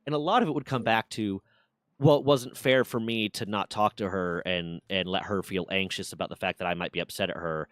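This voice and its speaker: A man's voice: low voice, fairly even intonation, a little fast, fairly bright tone, smooth, dry recording. A man streaming, casually telling a personal story with candid swearing and mock voices for others.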